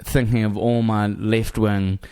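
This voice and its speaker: A man's voice: lowish voice, unhurried, clear, resonant tone. A man with a New Zealand accent, a comedian telling a story in casual chat and acting out the people he quotes. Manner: animated, acts out quoted people. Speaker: comedian guest.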